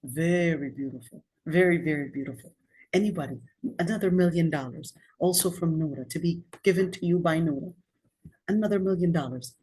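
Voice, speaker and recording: A woman's voice: lowish voice, brisk, darkish tone. A woman giving a religious studies lesson, talking conversationally and putting questions to her class. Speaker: Islamic studies lecturer. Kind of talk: classroom lecture.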